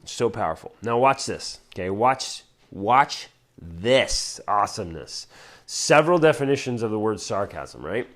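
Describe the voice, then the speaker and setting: A man hosting a podcast, talking earnestly and directly to listeners, with lively swings from loud emphasis down to hushed, near-whispered words and many rhetorical questions. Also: fairly low pitch, normal speed. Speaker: podcast host. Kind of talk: heartfelt casual talk to listeners.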